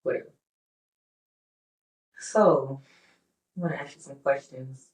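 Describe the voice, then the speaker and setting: A woman's voice: a bass voice, slow pace. A young woman from Charleston, South Carolina, with a Charleston accent, telling stories in casual chat and teasing her partner as podcast co-host. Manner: animated storyteller, teasing, acts out her own reactions. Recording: roomy sound, distant from mic.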